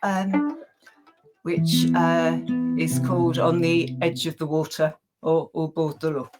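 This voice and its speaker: A woman's voice: deep voice, slow, over loud music. A woman guest musician introducing a tune in an easygoing way.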